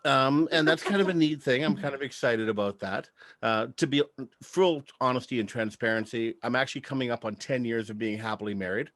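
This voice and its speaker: A man's voice: medium pitch, fairly quick, fairly bright tone, no echo. A man in his thirties doing a stand-up comedy set, telling chatty stories with act-outs.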